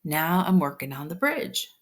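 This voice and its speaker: A woman teaching a phonics lesson step by step, patient and slow, often dropping to a whisper. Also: deep voice, very animated.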